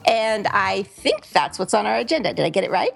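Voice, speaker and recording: A woman's voice: medium pitch, big pitch swings, fairly quick, creaky, husky. Chatty woman podcast host. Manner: chatty, laughs easily, many fillers. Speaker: podcast host and thriller author. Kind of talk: casual podcast chat.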